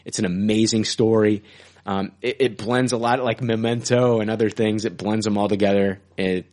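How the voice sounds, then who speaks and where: A man's voice: fairly low pitch, steady tone, normal speed, darkish tone. A man co-hosting a casual podcast, gushing about films and often repeating and restarting his words. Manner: enthusiastic, stumbling, repeats words. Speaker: podcast co-host. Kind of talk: casual chat.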